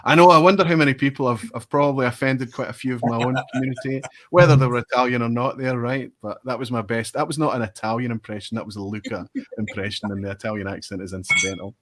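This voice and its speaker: A man, a whisky reviewer, telling an animated, self-mocking story in casual chat over a video call. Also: mid-range voice, quick pace, hardly any pauses. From Scotland.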